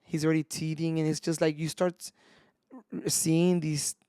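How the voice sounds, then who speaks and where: A man's voice: a little high, little pitch movement, moderate pace, mellow, clean tone, no echo, studio quality. A young man, a podcast co-host, talking about fatherhood in a laid-back casual chat, calling people "bro" and "dude".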